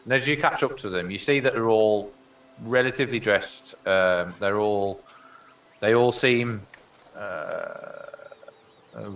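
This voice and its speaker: A man's voice: on the low side, fairly bright tone, far from the mic, poor audio. A man narrating a tabletop game as game master in a casual, hesitant way.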